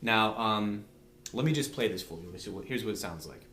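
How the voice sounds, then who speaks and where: A fairly low, pushed and bright voice at normal speed belongs to a drum teacher giving a patient, step-by-step demonstration, frequently checking "okay?". The room with the drum set is echoey, and there's slight background noise.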